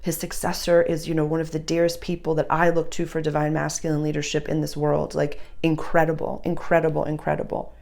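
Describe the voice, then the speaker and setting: Low, gravelly-voiced woman astrology reader. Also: monotone, brisk, hardly any pauses, a little mellow. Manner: chatty, speaks straight to the listener, drops to a whisper at times. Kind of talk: casual channeled astrology reading.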